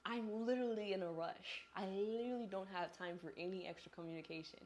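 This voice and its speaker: A young woman in her twenties, a vlogger telling a chatty, animated story about her travel day straight to the viewer while on the move. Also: mid-range voice, quick pace. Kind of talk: casual storytelling vlog. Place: on the move, traveling through an airport.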